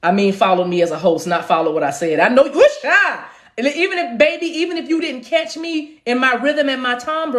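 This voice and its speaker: A woman with a fairly high voice leads a live spiritual reading in a rhythmic, preacher-like cadence. She slips into chanted tongues between her words and calls her listeners "baby". The room gives her voice a noticeable echo. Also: fairly quick. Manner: animated, rhythmic, preacher-like delivery. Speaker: spiritual reader and channel host. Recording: roomy echo.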